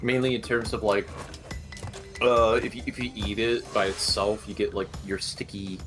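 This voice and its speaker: Halting, filler-heavy male co-host, lowish voice, game music clearly audible. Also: level tone. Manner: rambling, halting, many fillers, talks while eating. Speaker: stream co-host. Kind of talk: casual chat on a game stream. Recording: livestream with game music behind.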